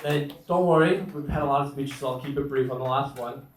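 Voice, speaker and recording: Groom, sincere and rambling, far from the mic in a roomy space. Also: male voice, medium pitch, fast talker. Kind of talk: thank-you speech. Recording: echoey room from far off, light noise.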